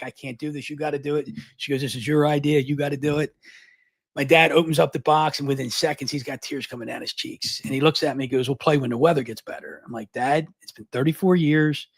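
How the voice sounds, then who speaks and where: A middle-aged man from Baltimore, a guest on a live interview, telling a long story at high speed, often repeating words and restarting. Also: gravelly, no room sound. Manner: fast, energetic, long-winded storytelling.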